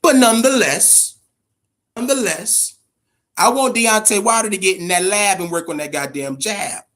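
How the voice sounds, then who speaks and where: A man's voice: high voice, normal speed, a bit bright. A man hosting a boxing podcast, talking in a loose, profane, emphatic way and repeating words as he gets going. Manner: addresses chat viewers directly. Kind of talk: casual live-stream commentary.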